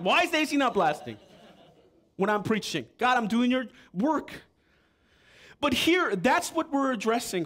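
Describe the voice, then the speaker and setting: A man preaching a sermon as pastor, animated and joking with the congregation. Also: high voice. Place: church.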